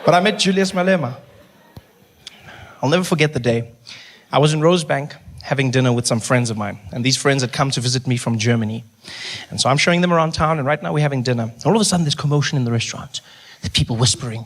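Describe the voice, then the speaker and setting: A young adult man with a South African accent telling a stand-up story, animated and self-mocking with quick asides. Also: medium pitch. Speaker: stand-up comedian. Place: comedy stage before an audience.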